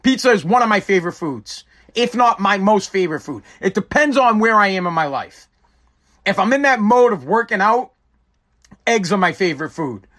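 A man's voice: high voice, lively intonation, moderate pace, bright, forceful tone. A man hosting a casual live-stream talk show, rambling and joking with frequent swearing. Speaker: show host.

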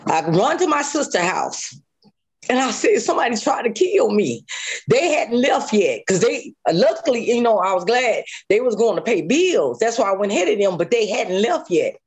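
A woman's voice: a little high, very animated, moderate pace, breathy edge. A woman guest telling a harrowing personal story in an interview, vividly and emotionally, repeating phrases and sometimes close to tears. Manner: vivid retelling with repeated phrases and sound effects; voice rises and falls sharply with emotion.

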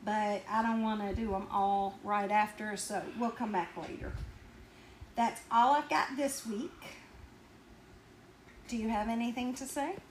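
A Southern-accented woman co-hosting a podcast, telling stories in a casual, animated way and laughing often. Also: mid-range voice, unhurried, pauses often. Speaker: podcast co-host. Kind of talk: casual storytelling chat. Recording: roomy echo with faint ambient noise.

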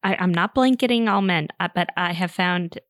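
A woman's voice: lowish voice, normal speed, a bit bright, no echo, clean studio sound. A middle-aged woman co-hosting a podcast in casual chat, playful, retelling home arguments with rising intensity. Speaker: podcast co-host.

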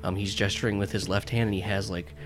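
A man's voice: sits low, steady tone, fast. A young man narrating as game master in a rambling, casual way with many fillers.

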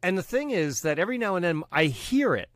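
A man's voice: high-pitched, sing-song, fairly bright tone, dry recording, clean studio sound. Chatty Long Island New York man. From Brooklyn, New York. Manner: chatty storyteller, quick asides. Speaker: radio DJ, interview guest. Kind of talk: casual interview chat. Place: home studio. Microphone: studio microphone.

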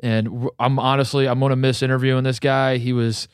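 A man's voice: medium pitch, flat delivery, a little fast, smooth, no echo, studio quality. A man co-hosting a sports podcast, telling a story earnestly in casual chat. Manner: earnest, storytelling, some restarts. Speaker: podcast co-host.

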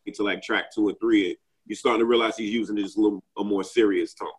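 A man's voice: fairly low pitch, steady tone, quick pace, slightly rough, rough recording. A man in a casual group chat, talking at length with many fillers and restarts.

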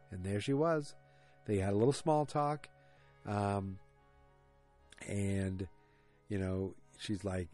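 Lowish-voiced guy recapping a tv episode, rambly and jokey, faint music behind. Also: warm tone. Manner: rambling, jokey, self-interrupting. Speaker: podcast host.

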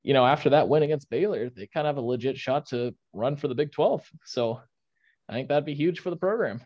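A young man talks sports on a podcast in a fired-up, ranting way, tripping over his own restarts. His voice sits at an ordinary pitch. It comes through a dull, lo-fi mic in a dry room. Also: brisk, a little mellow, dry recording. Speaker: podcast co-host. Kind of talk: casual sports chat.

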